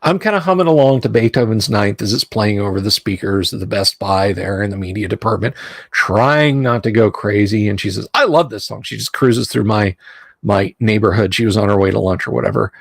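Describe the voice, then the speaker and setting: A man's voice: on the low side, fairly quick, vocal fry, no echo. A middle-aged man hosting a show, reading a game rulebook aloud and drifting into rambling, self-interrupting asides. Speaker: host.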